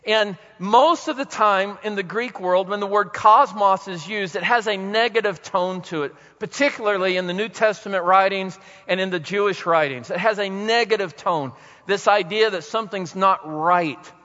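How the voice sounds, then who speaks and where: A male pastor preaching a sermon with dramatic pauses, swinging between soft and loud emphasis, in a church hall. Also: sits high. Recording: dull recording in a reverberant hall.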